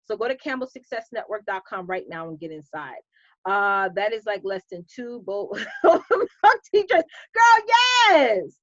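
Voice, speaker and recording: A woman coach hosting a casual live stream, chatty and animated, greeting viewers by name. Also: on the high side, dry recording, muffled recording.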